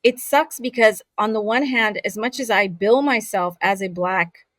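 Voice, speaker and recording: A woman's voice: mid-range voice, normal speed, no room sound. Candid woman, voice actor, dry podcast sound. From raised in Saudi Arabia. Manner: candid, animated storyteller. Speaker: voice actor guest. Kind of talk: casual interview conversation.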